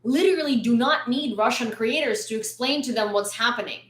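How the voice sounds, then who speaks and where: A woman's voice: fairly high pitch, a little fast, fairly bright tone, echoey room. A woman from Ukraine delivering a blunt, angry, sarcastic opinion rant to her followers. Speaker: vlogger.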